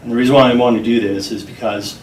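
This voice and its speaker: A man being interviewed, speaking in an earnest, measured and heartfelt way. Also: mid-range voice, fairly even intonation, a little mellow, recorded from a distance, a little hiss or hum. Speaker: interview guest. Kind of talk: earnest, reflective interview talk. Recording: roomy sound from off-mic, faint music behind.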